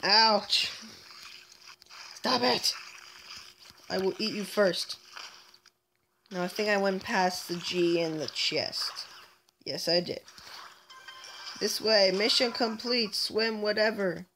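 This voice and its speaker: A woman's voice: mid-range voice, slow, pauses often, bright, forceful tone, a little hiss or hum, low-quality recording. A woman giving casual, playful let's-play commentary as she plays, chatting to herself and taunting enemies in a mock-villain way. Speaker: gameplay commentator.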